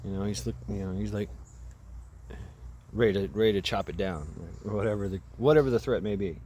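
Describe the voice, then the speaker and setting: Speaking briskly in a mellow, lowish voice, a man retells a movie for his vlog, rambling, swearing and laughing at his own story. He is outdoors by a path using a camera mic, with a bit of hiss or hum.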